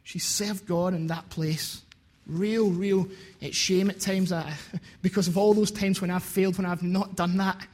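A man's voice: sits high, steady tone, measured pace, a little mellow. A man preaching a sermon, earnest and repeating phrases for emphasis.

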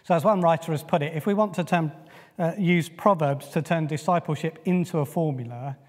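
A man's voice: fairly high pitch, fairly quick. Chatty male preacher in a reverberant hall. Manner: conversational, frequent "uh" fillers. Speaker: pastor. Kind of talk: sermon.

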